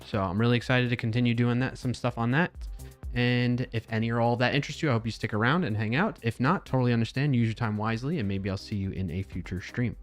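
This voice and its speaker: A man's voice: mid-range voice, quick pace, soft background music. Upbeat chatty male stream host. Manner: upbeat, chatty, leads viewers through stretches. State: a little low energy, yawning. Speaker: livestream host. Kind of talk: casual live-stream chat.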